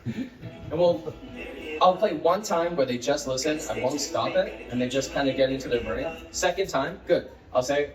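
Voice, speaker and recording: A man demonstrating a children's English lesson to a room of teachers, switching into an excited classroom voice. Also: mid-range voice, normal speed, distant mic, music in the background. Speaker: teacher trainer. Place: training room with other teachers. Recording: echoey room, picked up from afar.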